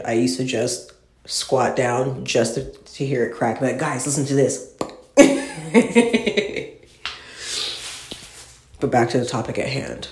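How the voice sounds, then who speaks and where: This solo monologue comes from a podcast host ranting in a rambling, exasperated and profane way. The voice is mid-range and darkish, recorded with slight background noise in an echoey, sparsely furnished apartment he has newly moved into.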